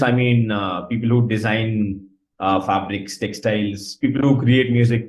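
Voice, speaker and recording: A man's voice: medium pitch, recorded from a distance. A man, a football coach, speaking as a guest on a casual podcast, laughing often and hedging with fillers. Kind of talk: casual interview. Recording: roomy, a bit off-mic.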